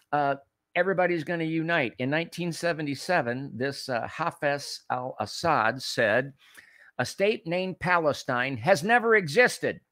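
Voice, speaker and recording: A political talk show host reads scripture and preaches commentary emphatically, often restarting and repeating words and slowing down to stress key phrases. His voice is mid-range and a bit bright, recorded at studio quality with no echo.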